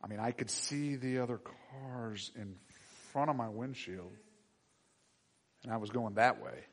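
A middle-aged man preaching a sermon, moving from quiet asides to loud, emphatic exhortation. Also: mid-range voice, unhurried, big-room sound. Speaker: pastor.

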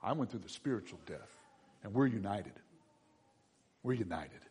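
A man preaching a sermon as a pastor, dramatic, dropping to a hush and then rising high and loud. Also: expressive, moderate pace, slightly rough. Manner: dramatic, swings from hushed to shouting. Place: church. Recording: long reverb of a large hall.

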